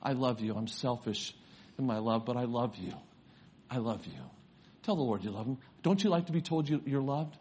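A man's voice: medium pitch, expressive, moderate pace, a little mellow, slight background noise. An older man, a grandfather and pastor, preaching a sermon, telling a personal story and rising to fervent preaching.

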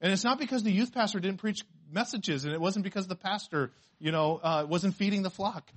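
This sermon comes from a male pastor with a high voice, speaking fairly quickly. He is emphatic, keeps posing rhetorical questions, and shifts from soft asides to booming declarations.

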